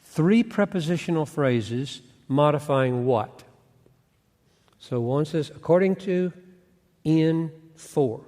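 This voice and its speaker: A man's voice: fairly high pitch, lively intonation, slow pace, warm tone. A man giving an earnest Bible teaching lecture, asking rhetorical questions and restarting phrases as he thinks aloud. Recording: long hall reverb.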